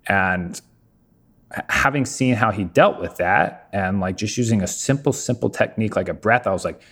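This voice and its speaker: A man with a fairly low voice hosts a relaxed conversation, wandering through an anecdote before getting to his question. He speaks easily, thoughtfully, as if among friends. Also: normal speed, husky. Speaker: podcast host. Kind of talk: casual interview chat.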